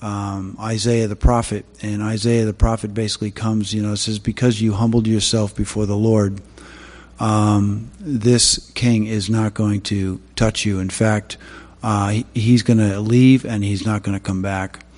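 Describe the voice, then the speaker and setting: Male preacher, lowish voice, halting delivery, long hall reverb. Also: flat delivery, darkish tone. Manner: halting, many fillers and restarts. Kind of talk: sermon.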